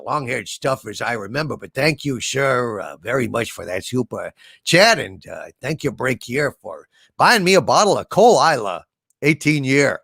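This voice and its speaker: A male livestream host reading out viewer messages in a lively, exclamatory way, often breaking into disbelieving outbursts. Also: medium pitch, moderate pace, gravelly, no room sound, clean studio sound.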